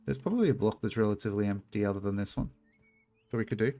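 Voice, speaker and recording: A man streams a game and chats casually with viewers, swearing freely and rambling in asides to chat. His voice is on the low side and dark in tone, animated and racing, with faint music behind him.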